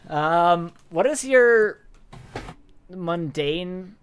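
A man narrating a tabletop role-playing game as game master, talking in halting bursts full of fillers and restarts. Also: sits high, animated, slight background noise.

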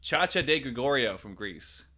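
A man hosting a casual podcast chat, relaxed as he steers the talk with questions. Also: medium pitch, moderate pace. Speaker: podcast host.

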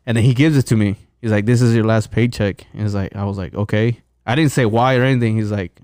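A man's voice: on the low side, fairly quick, a little mellow, clean tone, dry recording. A man on a casual podcast, telling a long work story with lots of swearing and restarts. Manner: rambling storyteller, swears a lot, restarts often. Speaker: podcast co-host. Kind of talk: casual chat.

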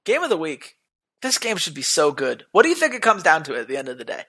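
Podcast co-host, casual and argumentative, very lively intonation. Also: mid-range voice, quick pace, slightly rough. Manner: animated, argumentative. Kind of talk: casual esports betting chat.

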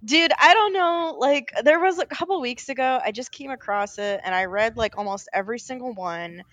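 A woman co-hosting a casual podcast, telling stories in an animated, rambling way, full of fillers and self-corrections. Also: a little high, moderate pace, no room sound. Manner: animated storytelling, often laughing. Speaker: podcast co-host. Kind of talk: casual chat.

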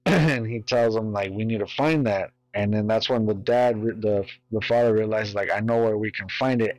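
A man's voice: lowish voice, no room sound, low-quality recording. A man casually retelling a horror film's plot, rambling with lots of fillers and swearing. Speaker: movie reviewer. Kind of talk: casual film recap.

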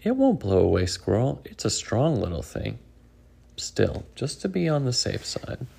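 A man voicing a patient, kindly bird who calmly explains things in a storybook. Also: mid-range voice, unhurried, vocal fry, slightly rough, heavily acted. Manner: calm and explaining.

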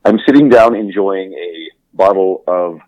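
Deep-voiced laughing podcast host. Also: male voice, unhurried, darkish tone, dry recording, highs cut off. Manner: laughing, enthusiastic, swears freely. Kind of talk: casual chat.

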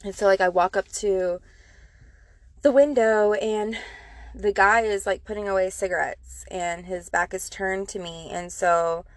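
A woman's voice: mid-range voice, fairly even intonation, measured pace, no echo. A woman casually telling a personal story, rambling with many fillers and restarts.

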